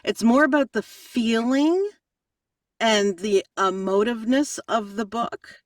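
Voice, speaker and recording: A woman audiobook narrator answering interview questions in a chatty, animated way, often laughing. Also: a little high, takes it slowly, dry recording, studio quality, far from the mic.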